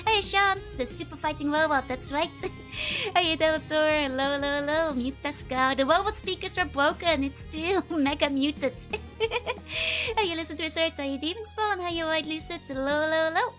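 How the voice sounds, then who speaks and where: A woman's voice: high voice, moderate pace, a bit bright, faint music behind. A young woman streaming a game, chatting casually and giggling as she greets viewers by name. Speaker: VTuber streamer. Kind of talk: casual live-stream chat.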